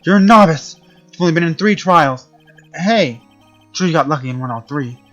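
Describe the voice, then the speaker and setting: A cold, arrogant prosecutor who talks down to everyone, as a man plays him. His tone stays cool and condescending, pitched a touch lower. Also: lively intonation, normal speed, a bit bright, lo-fi sound, soft background music.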